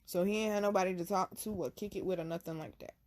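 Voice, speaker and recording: A woman hosting her own channel, telling a personal story to camera in blunt, profane street slang, hushed one moment and loud the next. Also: fairly low pitch, steady tone, fast. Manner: swings from hushed to loud bursts. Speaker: channel host.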